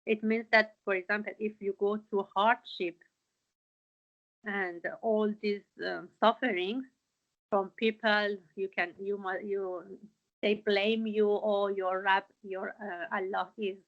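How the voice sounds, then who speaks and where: A woman's voice: medium pitch, little pitch movement, slow, muffled recording. A woman teaching a Quran lesson, explaining verses word by word with frequent fillers and restarts. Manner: hesitant, many fillers and restarts.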